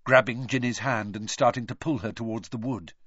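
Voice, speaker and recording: A man reading a novel aloud as an expressive audiobook narrator. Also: mid-range voice, brisk, no room sound, highs cut off. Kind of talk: scripted narration.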